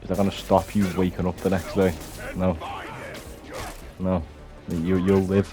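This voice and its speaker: A man's voice: low voice, monotone, measured pace, over music. A young man ranting bluntly to camera, swearing often and restarting his sentences. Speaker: vlogger. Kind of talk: unscripted rant to camera.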